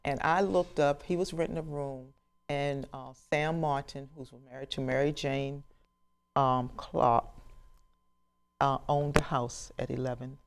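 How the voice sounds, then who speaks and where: A woman's voice: a bass voice, unhurried, a little hiss or hum. A woman in her sixties, a professional genealogist, telling a story to an audience and acting out the conversations in it. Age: 60s. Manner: animated storyteller who acts out dialogue and laughs.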